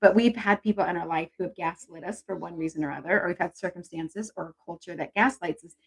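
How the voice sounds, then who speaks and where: Husky woman, encouraging intuition coach, chatty live-stream talk, reads comments. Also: lowish voice, quick pace, poor audio. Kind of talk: casual live-stream teaching.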